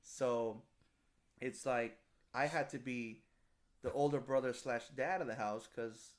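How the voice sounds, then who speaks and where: A man, telling stories in a relaxed podcast chat and often saying "dude". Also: mid-range voice, takes it slowly. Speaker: podcast co-host. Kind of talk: casual chat.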